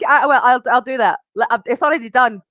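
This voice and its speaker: Bright-voiced, animated woman telling a story. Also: fairly high pitch, quick pace, no echo, highs cut off. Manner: chatty storyteller, laughs often, voices quoted speech. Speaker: guest. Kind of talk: casual chat.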